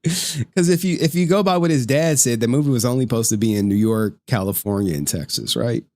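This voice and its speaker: A man's voice: mid-range voice, expressive, brisk, darkish tone, no echo. A man giving mocking live-stream commentary, laughing often and swearing as he taunts his target. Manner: calls people "dog".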